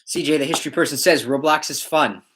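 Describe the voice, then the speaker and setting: A man's voice: a little high, quick pace, fairly bright tone. Rambling, joking male livestream host. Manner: rambling, joking, laughs often. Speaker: livestream host reading viewer chat. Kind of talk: casual livestream chat.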